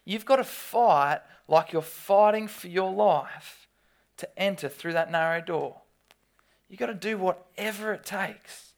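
A preacher giving a sermon, reading scripture aloud and breaking into lively, dramatic storytelling with loud bursts. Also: medium pitch, moderate pace. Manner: reads scripture aloud between explanations.

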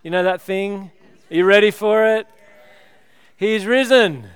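Chatty pastor, high clear voice. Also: male voice, flat delivery, moderate pace. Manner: chatty, joking with the congregation. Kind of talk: sermon.

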